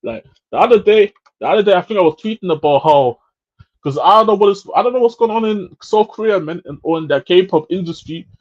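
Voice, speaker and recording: A man's voice: high voice, lively intonation, fairly quick, darkish tone, dull audio. A young man, chatting casually as a podcast co-host, laughing often and repeating himself. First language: German. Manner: laughs a lot, repeats "bro". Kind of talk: casual banter.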